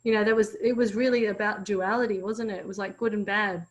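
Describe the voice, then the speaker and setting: A woman's voice: mid-range voice, fairly even intonation, quick pace, lo-fi sound. A woman co-teaching a parenting course, sharing stories from home and laughing between points.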